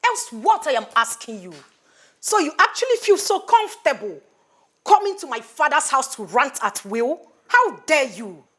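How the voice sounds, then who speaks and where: A woman's voice: mid-range voice, animated, normal speed, close to an everyday voice. An actress with a Nigerian accent playing a defiant, obsessive young woman who speaks sharply.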